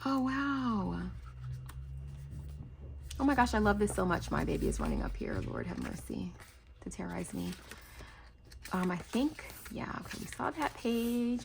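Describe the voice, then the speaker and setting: A woman in her thirties chatting casually as she opens craft mail at home, gushing and excitable with lots of fillers and gasps. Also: a little high, moderate pace, vocal fry, long pauses, background noise. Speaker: crafting channel host. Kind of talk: casual unboxing chat. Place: home, near garage.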